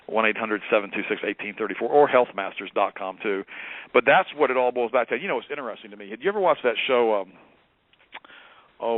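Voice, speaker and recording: A man calls in as a guest on a talk radio show. He talks quickly and emphatically, almost preaching. His voice comes through a thin, tinny phone line with a dry sound. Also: medium pitch, dry recording.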